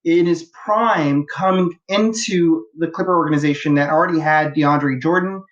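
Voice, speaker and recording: A man's voice: fairly high pitch, moderate pace. A man in his thirties from Los Angeles, talking as a podcast guest in an eager, rambling way with many fillers and restarts. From Los Angeles, USA. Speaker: guest, fan. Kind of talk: casual podcast interview. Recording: dull lo-fi audio.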